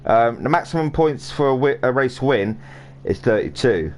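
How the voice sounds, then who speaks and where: A man's voice: medium pitch, animated, normal speed. Rambling man commentating a race. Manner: rambling and chatty, with many fillers and restarts. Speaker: sim racing commentator. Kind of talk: live racing stream commentary. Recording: noisy home stream audio.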